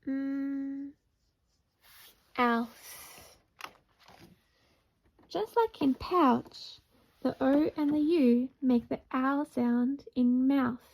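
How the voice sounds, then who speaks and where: A woman teaching a phonics lesson to young children, slowly sounding out words syllable by syllable. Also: high-pitched, vocal fry, darkish tone. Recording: dull lo-fi recording.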